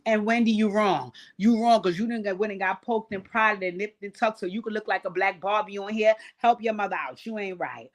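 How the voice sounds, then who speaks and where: A woman's voice: mid-range voice, a little fast, few pauses. A woman in her forties giving a casual, sassy and blunt recap of reality TV as a channel host, cursing freely and addressing her viewers directly. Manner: sassy, blunt, profane, animated asides.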